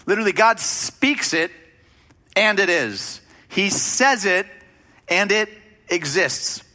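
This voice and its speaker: A man's voice: high voice, lively intonation, slow, sharp tone. A man preaching a sermon as a pastor, speaking in a conversational, emphatic way with rhetorical questions.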